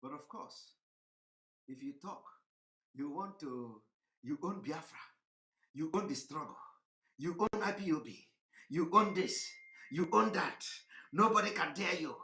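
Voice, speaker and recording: A man lectures his listeners in an impassioned livestream, repeating phrases and firing rhetorical questions. His voice is forceful and bright, sometimes rising to a shout and then dropping low. The sound carries a roomy echo. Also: lively intonation, measured pace, long pauses. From Nigeria. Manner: preachy, repetitive, rhetorical questions, swings between shouting and low tones. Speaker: online broadcaster.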